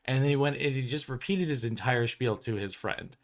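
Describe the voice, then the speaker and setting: Chatty rambling man, mid pitch. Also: brisk. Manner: rambling, frequent "um" and "like", laughs between thoughts. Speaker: tabletop game publisher and show host. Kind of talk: casual livestream chat.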